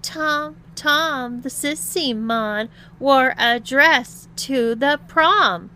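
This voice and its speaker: A woman doing a husky, taunting female bully. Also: fairly high pitch, expressive, a little slow, a bit bright. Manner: mocking, teasing.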